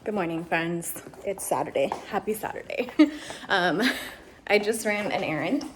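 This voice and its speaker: A woman's voice: on the low side, lively intonation, measured pace, noisy background. A woman chatting casually to her camera, exasperated and venting as she talks through her errands. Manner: ranting, exasperated, talkative. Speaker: vlogger.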